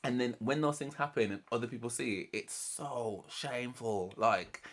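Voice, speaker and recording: A man's voice: medium pitch, moderate pace, fairly bright tone. A British man hosting a reaction channel, giving a casual recap and breakdown of a TV show in a chatty, rambling way. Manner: chatty, heavy on "like" and "you know", acts out quotes from the show.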